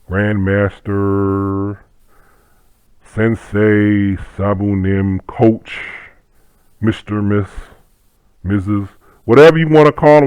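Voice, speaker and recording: A man's voice: lowish voice, a little mellow, smooth, no room sound, poor audio. A middle-aged man, a martial arts instructor, talking in a profane, rambling casual monologue.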